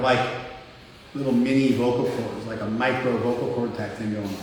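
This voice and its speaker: A mid-range male voice with an American accent gives a casual spiritual lecture to a live class, joking and teasing in a conversational style full of "like." The spiritual teacher sounds distant in an echoey hall, with slight background noise.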